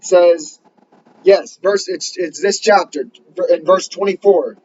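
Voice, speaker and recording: A man preaching a sermon in an earnest, urgent way, reading scripture slowly and pressing his listeners with emphatic questions. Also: sits high, darkish tone, highs cut off, a little hiss or hum. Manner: reads scripture slowly in King James wording.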